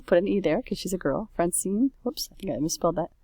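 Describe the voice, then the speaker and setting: A woman with a lowish voice walks through a French worksheet in a relaxed, chatty way. She catches her own slips as she goes. The sound is close and dry, with no room around it. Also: fast, husky, no echo. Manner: chatty, self-correcting, says oops often. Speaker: French teacher. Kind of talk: casual worksheet walkthrough.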